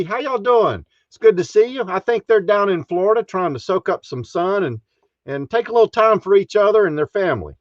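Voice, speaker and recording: A man's voice: fairly high pitch, no echo, dull audio. Folksy man hosting a live stream. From Texas. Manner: folksy, chuckles often. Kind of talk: casual live stream chat.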